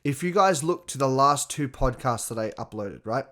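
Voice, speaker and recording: Aussie bloke rambling on his own podcast, swears a lot, laughs, mid-pitched voice. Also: normal speed. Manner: candid and profane, laughs often, gets louder when excited. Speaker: podcast host. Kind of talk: casual solo podcast monologue.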